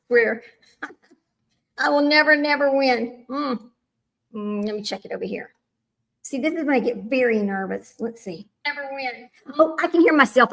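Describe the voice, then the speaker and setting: A woman's voice: a little high, vocal fry. A woman hosting a casual livestream, chatty and addressing viewers by name, flustered and muttering to herself over technical trouble. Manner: flustered with tech, muttering asides. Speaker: livestream host. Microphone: small microphone.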